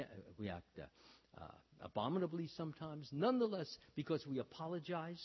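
A man giving a storytelling sermon, talking haltingly with many fillers and restarts, and acting out the lines he quotes. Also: medium pitch, slightly rough. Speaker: religious speaker. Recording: dull, reverberant hall sound.

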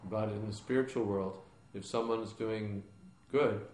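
Male spiritual teacher, lowish voice, calm plain explaining in a roomy hall with faint hiss. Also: measured pace. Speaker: spiritual teacher answering questions. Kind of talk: question-and-answer class. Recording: echoey room with background noise.

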